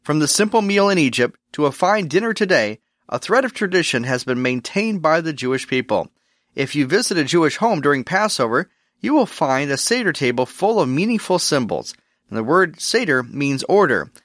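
Lively earnest male radio preacher. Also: fairly high pitch, no echo, clean studio sound. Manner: measured, earnest reading of scripture. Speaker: radio ministry host. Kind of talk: scripted religious radio teaching.

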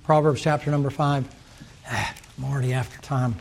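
A man preaching a sermon, dropping into low asides and rising into loud, emphatic runs. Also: steady tone, gravelly, slight background noise. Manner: acts out dialogue in quick playful voices. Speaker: pastor.

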